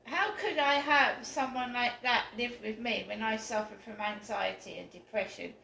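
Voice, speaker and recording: A woman's voice: a little high, moderate pace, gravelly, bright, forceful tone. A woman telling a long story to camera in a rambling, indignant way that gets worked up. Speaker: vlogger. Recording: roomy echo, faint room noise.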